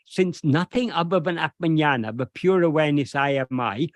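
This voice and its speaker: Going through a devotional verse line by line, this spiritual teacher talks in a somewhat high voice, slow and deliberate, with frequent pauses and hesitations. The recording is dry and close, with no sense of a room.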